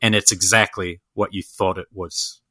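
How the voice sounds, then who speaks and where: A man's voice: deep voice, steady tone, moderate pace, heavy background noise. A man co-hosting a podcast in casual film chat. He talks enthusiastically and rambles with lots of fillers and restarts. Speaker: podcast co-host.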